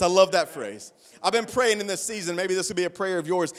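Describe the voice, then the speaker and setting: Male pastor, high voice, passionate repetitive sermon delivery, long hall echo. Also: brisk. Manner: impassioned, rhythmic preaching with repeated phrases and restarts. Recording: long reverb of a large hall.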